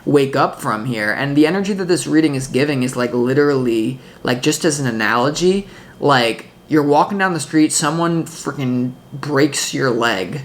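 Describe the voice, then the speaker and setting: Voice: medium pitch, moderate pace. A tarot reader talking casually, rambling with intense emphasis, lots of fillers, restarts and the odd curse. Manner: swearing, emphatic.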